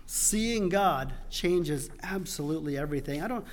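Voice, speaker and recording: A man preaching a sermon in a church in a conversational way, restarting phrases and rising into loud emphasis. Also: fairly high pitch, animated, normal speed. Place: church sanctuary. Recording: long reverb of a church hall.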